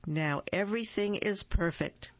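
A storybook reader voicing a soft, sighing female moose wife who longs for a real holiday dinner. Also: mid-range voice, a little slow, no echo, muffled recording, voice pushed up, natural voice. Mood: gentle.

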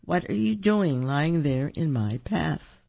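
A man reading a folk tale aloud, voicing a cheerful, eager young frog in a raised, brighter voice, on a dull, dry recording. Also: a little high, expressive, takes it slowly, vocal fry, no room sound, heavily acted. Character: friendly young frog child.

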